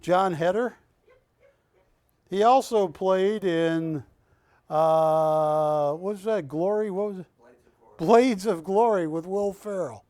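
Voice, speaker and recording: High-voiced, jokey man calling auction bids. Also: slow pace, darkish tone, no room sound. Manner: jokey, chatty, calls bids and counts them down. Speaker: auction host. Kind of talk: live shopping-channel auction patter. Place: TV studio.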